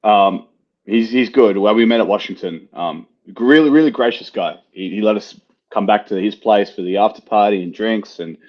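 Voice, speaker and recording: A laid-back Australian man talks in a lowish voice as a podcast guest, easygoing and swearing freely. His sound comes through dull and lo-fi, lacking its top end. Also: moderate pace. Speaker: guest arm wrestler. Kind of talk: casual chat.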